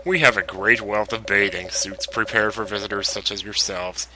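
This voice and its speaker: A man's voice: lowish voice, moderate pace, pushed and bright, soft background music, rough recording. A man reading the lines of a jolly, welcoming older male town governor in a genial way. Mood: jovial.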